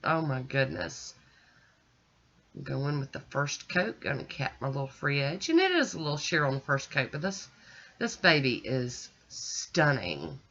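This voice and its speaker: Woman, stuffy nasal voice, bright and forceful, chatty nail host, dull lo-fi recording. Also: a bass voice, sing-song, unhurried, gravelly. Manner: chatty, gushing and folksy. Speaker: nail art channel host. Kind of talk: casual demonstration chat.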